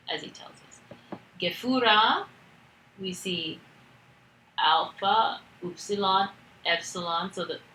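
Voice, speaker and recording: A woman's voice: medium pitch, bright, forceful tone, echoey room, slight background noise, poor audio. A woman teaching a recorded grammar lesson, explaining step by step with patience and the odd filler. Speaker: Greek teacher.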